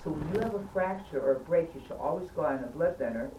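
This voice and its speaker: Recounting her time in the hospital during an interview, a low-voiced woman tells her story in an easygoing yet animated way, talking fast with a dark tone. She presses each point hard, insisting the listener keep listening, while sitting some distance from the mic in an echoey room with faint background noise.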